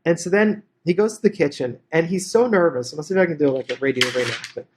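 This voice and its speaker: A man presenting on real estate investing, telling a story in a lively way and acting out each character's lines. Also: a little high, quick pace, noisy background. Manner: animated, acts out every character's dialogue. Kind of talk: anecdotal storytelling to an online audience.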